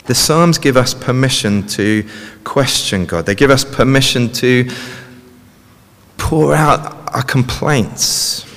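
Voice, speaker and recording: A man's voice: mid-range voice, takes it slowly, a bit bright. A man preaching a sermon in a conversational way, often ending points with tag questions. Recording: long reverb of a large hall.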